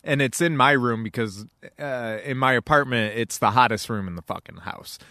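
A man's voice: medium pitch, moderate pace, bright, forceful tone, no echo, clean studio sound. A young man chatting casually as a podcast co-host, laughing often and swearing freely as he rambles through stories. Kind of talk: casual chat.

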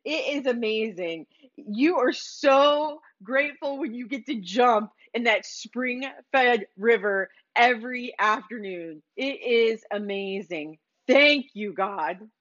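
Woman doing a thankful cheerful man, gushing, fairly high voice, lo-fi. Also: takes it slowly, fairly bright tone. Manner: gushing, enthusiastic. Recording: slightly dull lo-fi recording.

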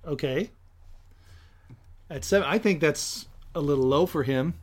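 A man co-hosting a hockey podcast in casual chat, measured and steering the conversation along. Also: a little high. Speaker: podcast co-host.

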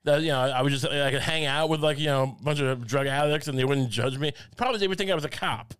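A man's voice: a little high, fast talker, a bit bright, clear, resonant tone. A man co-hosting a podcast, rambling through comic tangents with lots of restarts and self-mocking jokes. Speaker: podcast co-host. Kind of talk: casual comedic chat.

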